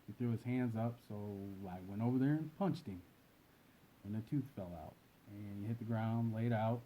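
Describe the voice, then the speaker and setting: A man telling a personal story in plain, low-key, casual speech. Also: normal speed, mellow, slight background noise, rough recording. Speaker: guest.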